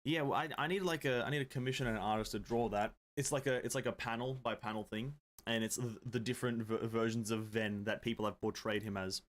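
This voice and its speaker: A man's voice: mid-range voice, fairly even intonation, fast, few pauses. Young guy, game streamer, loose rambling jokey chat, mid-range voice. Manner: rambling, joking, reads chat aloud. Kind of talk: casual live-stream chat.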